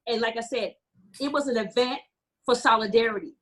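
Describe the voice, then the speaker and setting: A woman's voice: a little high, brisk, a bit bright. An American woman speaking as a community organizer in a panel discussion, telling stories passionately and quoting dialogue. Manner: passionate, storytelling with quoted dialogue.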